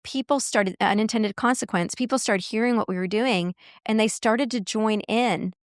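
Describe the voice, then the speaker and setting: A woman guest in a podcast interview, telling workplace stories in an animated way and acting out quoted dialogue. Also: on the high side, normal speed, no room sound, studio quality. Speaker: guest, marketing executive and coach.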